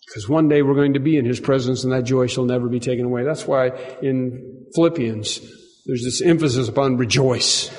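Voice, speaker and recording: A man's voice: darkish tone, in a large hall. A man preaching a sermon and leading prayer, earnest and repetitive, rising for emphasis. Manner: earnest, repeats phrases, rises in pitch and volume for emphasis. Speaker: pastor.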